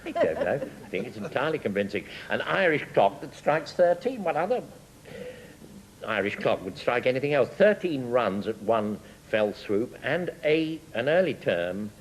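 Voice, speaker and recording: A man's voice: mid-range voice, very animated, moderate pace, poor audio. An older man chairing a panel quiz show, announcing in a wry, theatrical manner. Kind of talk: hosting a panel game. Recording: broadcast TV with audible hiss.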